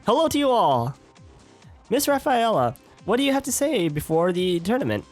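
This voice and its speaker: A man reading out a game's tournament announcer introducing contestants, a little brighter and higher than his own talk. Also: very animated, moderate pace, faint music behind. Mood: hyped.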